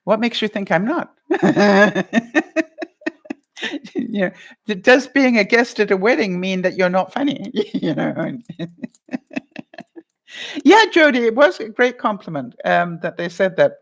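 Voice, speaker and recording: A woman vlogger talks casually to her viewers and replies to their comments. She tells stories in a chatty way and laughs often. Her voice sits in a middle pitch range. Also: animated, measured pace, pauses often.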